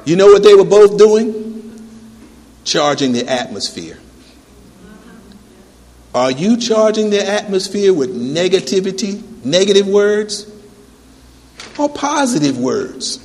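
A male preacher delivering a storytelling sermon, driving home his points with emphatic rhetorical questions. His voice is high and gravelly. It carries with a long hall reverb. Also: very animated, slow, pauses often, darkish tone.

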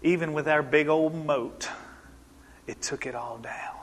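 A man in his forties preaching a sermon, telling a story in an animated way and asking the congregation questions. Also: a little high, measured pace, long reverb tail.

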